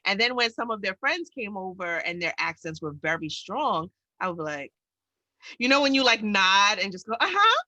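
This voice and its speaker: A New York woman chatting on her podcast, animated and full of acted-out reactions. Her pitch leaps around freely and her voice sounds bright and forward. The sound is dry, with no room behind it. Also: normal speed, no echo. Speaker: podcast co-host. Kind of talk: casual podcast chat.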